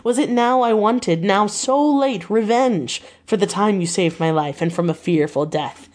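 A woman's voice: mid-range voice, measured pace, a little mellow, lightly acted. A woman reading an audiobook and voicing an elderly, earnest Dutch professor who speaks in solemn, broken formal phrasing. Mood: pleading.

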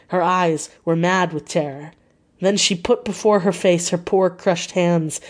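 Woman narrating a gothic audiobook. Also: deep voice. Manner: measured, expressive reading.

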